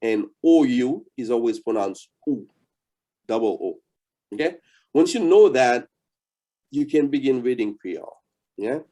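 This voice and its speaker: A man's voice: medium pitch, animated, unhurried, pauses often, dark tone. A man with a Haitian accent teaching an interactive beginner language lesson, patient and explanatory, with fillers and repeated words.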